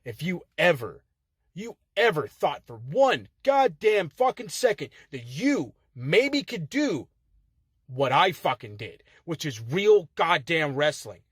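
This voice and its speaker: A man's voice: fairly high pitch, very animated, slow, a bit bright, slightly rough, no room sound, clean studio sound. Profane, heated man cutting a wrestling promo. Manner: profane, heated, swaggering trash talk. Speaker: contestant in an online promo-cutting contest. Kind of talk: wrestling trash-talk promo. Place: inside a car.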